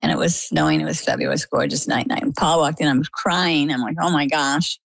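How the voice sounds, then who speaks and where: A middle-aged woman from Maine tells her own story in an interview, acting out the voices of the people in it. Her voice sits low with a gravelly edge. The sound is dry and close. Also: fast, no room sound, rough recording. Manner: animated storytelling, acts out quoted dialogue. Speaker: interview guest.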